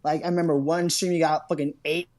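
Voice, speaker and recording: Halting, defensive male guest. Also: fairly high pitch, level tone, a little mellow. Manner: defensive, halting, repeats himself. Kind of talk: heated stream argument.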